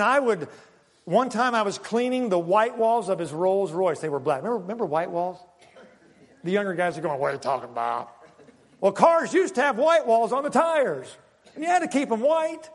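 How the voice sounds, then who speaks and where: Animated older male preacher in a reverberant hall. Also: sits high, moderate pace. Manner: animated, swinging from loud to hushed. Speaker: pastor. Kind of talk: sermon with personal storytelling.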